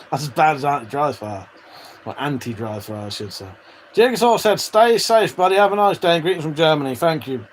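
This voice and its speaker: A man's voice: on the high side, very animated, brisk, a little hiss or hum, poor audio. A man hosting a casual live stream, reading out chat messages, swearing freely and chuckling between remarks. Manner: chatty, swears freely, laughs often. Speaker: livestream host reading chat.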